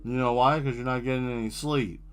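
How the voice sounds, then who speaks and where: A man's voice: mid-range voice, steady tone, fairly quick, clear, resonant tone, soft background music. A man chatting casually on a live stream while he draws, rambling and riffing on jokes. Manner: rambling, joking riffs. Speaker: streaming artist.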